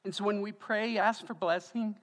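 A man preaching as the pastor of a church, emotional and tearful, building to loud, fervent delivery. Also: sits high, steady tone, moderate pace. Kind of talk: sermon. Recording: long church hall reverb.

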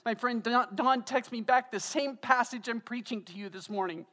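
A man preaching as the pastor of a church, emotional and tearful, building to loud, fervent delivery. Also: very high voice, normal speed. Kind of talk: sermon. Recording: long church hall reverb.

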